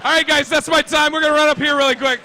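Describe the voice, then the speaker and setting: A male stand-up comedian telling a story on stage in a brash, fast-moving way. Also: extremely high pitch, flat delivery, sharp tone, slight background noise.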